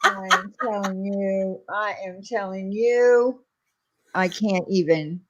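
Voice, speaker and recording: A woman's voice: mid-range voice, takes it slowly, highs cut off. A woman co-streamer in a casual chat, laughing and playfully incredulous.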